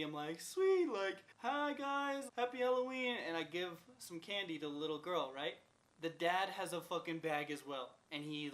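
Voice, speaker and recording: A young man with a fairly high voice rambling through a casual storytime vlog. He swears freely and leans on "like" constantly, with a loose, offhand delivery. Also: pushed and bright, poor audio. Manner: profane, rambling, lots of "like" fillers. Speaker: vlogger.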